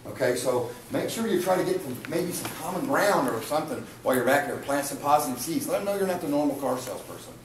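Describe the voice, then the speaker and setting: A man's voice: fairly high pitch, expressive, quick pace, hardly any pauses, far from the mic, slight background noise. A man leading a live sales training session, chatty and coaching, often repeating his words. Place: training room with an audience. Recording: echoey room from afar.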